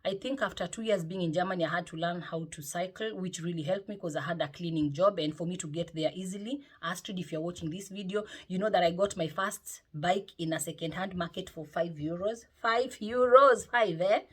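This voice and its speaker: A middle-aged woman, chatting to camera from home in a lively vlog, often tagging her sentences with "eh?". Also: on the low side, fairly quick, hardly any pauses, breathy edge. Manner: lively and chatty, with frequent "eh?" tags. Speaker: motivational vlogger. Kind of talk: casual chat to camera. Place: home, indoors.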